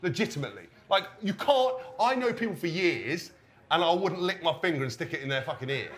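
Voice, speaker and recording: Rapid, animated man telling stories. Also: fairly high pitch, background noise. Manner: animated, swearing, acts out quotes. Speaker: podcast co-host. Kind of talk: storytelling on a live show. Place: stage in front of a live audience.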